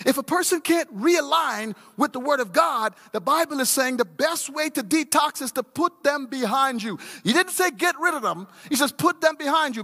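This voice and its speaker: A middle-aged male pastor preaches with a very high, bright, ringing voice. He drops to low murmurs and then rises to shouted emphasis. A long reverb from the church hall trails every phrase. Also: lively intonation, moderate pace, hardly any pauses. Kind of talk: sermon.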